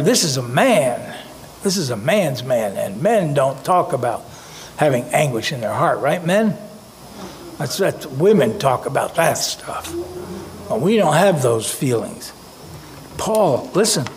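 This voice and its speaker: A man preaching a sermon with a fairly high voice. He reads scripture passages aloud and then presses his points with rising emphasis. A faint hum of ambience sits behind him.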